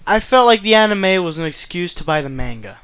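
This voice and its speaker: A mid-pitched, ordinary voice in relaxed conversation. The speaker teases and quizzes, keeping the tone playful. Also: fairly quick, a crowd in the background. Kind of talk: casual chat.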